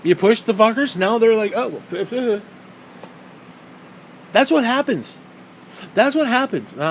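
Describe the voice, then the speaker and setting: A man on a profane, sarcastic rant, his voice sitting high and leaping up and down as he gets heated. He swears constantly and pushes every point hard. A faint hum of air conditioning runs behind him. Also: low-quality recording. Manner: mocks others in put-on quoted voices. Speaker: vlogger. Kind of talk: profane ranting monologue.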